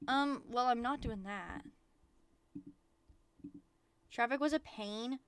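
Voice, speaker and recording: A woman streamer talks casually to her chat in a fairly high voice, rambling and swearing freely. Her excitable delivery comes through a close desk mic in a dry, dead room. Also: normal speed, clean tone, no echo. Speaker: VTuber streamer.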